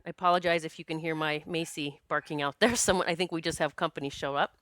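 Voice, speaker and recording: A woman podcast host and psychic medium telling a personal story in a casual, animated, earnest way, with many restarts and quoted self-talk. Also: sits low, fast talker, no room sound. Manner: spiritual, earnest.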